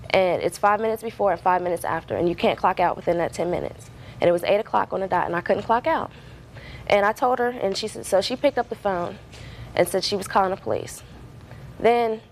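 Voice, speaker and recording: A woman's voice: mid-range voice, a little hiss or hum, low-quality recording. A young woman testifying as a defendant in court, telling her story in a rambling way with many fillers.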